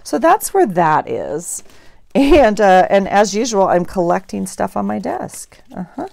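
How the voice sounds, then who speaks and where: A woman's voice: mid-range voice, big pitch swings, measured pace, vocal fry, darkish tone, no echo. A woman vlogger chatting casually at her craft desk, thinking aloud as she journals and opens mail. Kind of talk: casual chat while journaling.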